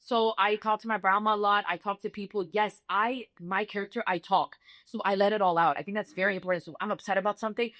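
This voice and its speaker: A woman's voice: mid-range voice, fairly even intonation, fast, few pauses, a bit bright, dry recording. A young woman from Dubai, a singer-songwriter guest, talking animatedly in a casual interview and repeating phrases for emphasis. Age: young adult.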